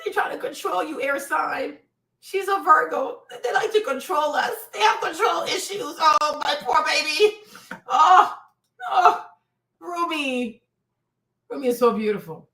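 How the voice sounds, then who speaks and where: A woman's voice: high voice, lively intonation, measured pace, bright, forceful tone. A woman hosting a reaction livestream, effusive and laughing often, talking straight to her viewers as "y'all". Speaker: commentary host. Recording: echoey room, distant from the mic.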